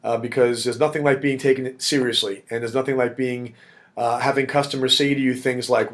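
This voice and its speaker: A man's voice: medium pitch, fairly even intonation, brisk. A man leading a real estate network, giving direct, emphatic coaching in a motivational video blog. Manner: direct, emphatic pep talk addressing the audience as "guys".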